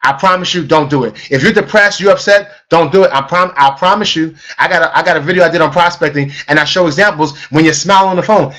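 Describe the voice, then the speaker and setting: A middle-aged man giving an energetic sales training talk, emphatic and repetitive, often asking the audience questions. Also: a little high, quick pace, few pauses. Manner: emphatic, repeats himself, asks the audience questions. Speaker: network marketing trainer.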